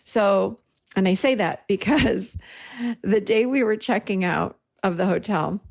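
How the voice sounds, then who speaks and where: A middle-aged woman speaks in a medium pitch, somewhere in the usual range for a woman. She tells a personal story to her listeners in a lively, animated way and acts out each line of the dialogue. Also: measured pace, creaky. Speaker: host and therapist-style teacher.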